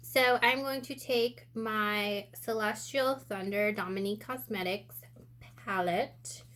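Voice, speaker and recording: A woman's voice: mid-range voice, slow pace, a bit bright. A woman giving a casual makeup tutorial, chatting and thinking aloud as she works, a little out of breath. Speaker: beauty vlogger. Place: indoor room with sunlight coming in.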